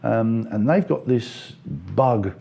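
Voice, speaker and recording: Brief: middle-aged English party member, gravelly, dark tone, gets worked up in interview. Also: male voice, slow. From England. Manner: animated, rising pitch when making points. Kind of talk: political interview chat.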